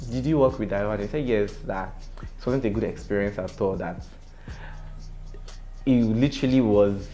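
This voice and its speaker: A young man with a Nigerian accent, telling a story on his vlog in an animated, dramatic way. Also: fairly low pitch. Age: young adult. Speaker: vlogger.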